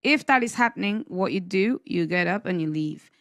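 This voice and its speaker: A woman panelist in a podcast debate, measured but insistent as she makes her case. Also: lowish voice, expressive, a bit bright, no echo, clean studio sound. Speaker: panel guest. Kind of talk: heated debate.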